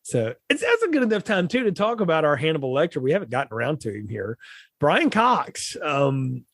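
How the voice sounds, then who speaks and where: A man co-hosting a film podcast, chatting casually and animatedly with a voice pitched a bit higher than most men's. His pitch swings widely and he laughs often. The sound is dry and close, with no room in it. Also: wildly swooping pitch, a little fast, creaky, a bit bright, dry recording. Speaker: podcast co-host.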